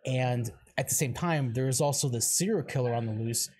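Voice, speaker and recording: A man co-hosting a casual horror podcast, excitable, swearing freely and trailing off into fillers. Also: medium pitch, a little fast, slightly rough. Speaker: podcast co-host. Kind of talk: casual chat.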